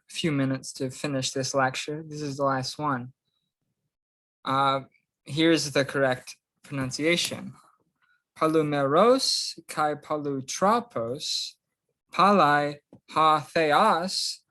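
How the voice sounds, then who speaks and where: A young man talks through a screen-share practice lesson at a slow, unhurried pace. He is casual and easygoing, and he draws out every word he pronounces. His pitch sits mid-range for a man. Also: a bit bright. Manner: casual, unhurried, drawn-out pronunciation of each word. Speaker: Greek instructor.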